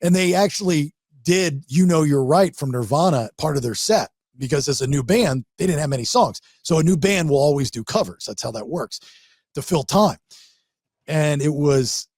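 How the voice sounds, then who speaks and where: Lively man telling radio stories. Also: a little high, breathy edge, dry recording, studio quality. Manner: animated storyteller, rising excitement in anecdotes. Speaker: radio host. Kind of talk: casual podcast chat, storytelling.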